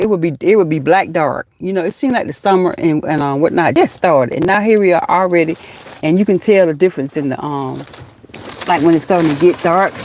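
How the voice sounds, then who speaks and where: A middle-aged woman with a Southern accent and a low, darkish voice hosts a casual live chat from her parked car. As a livestream host she's folksy and chatty, calling her viewers honey and child.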